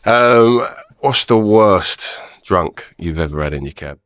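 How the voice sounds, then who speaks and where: A man hosting a podcast, asking casual, slightly halting questions. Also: fairly low pitch, expressive, fairly bright tone, no room sound, clean studio sound. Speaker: podcast host.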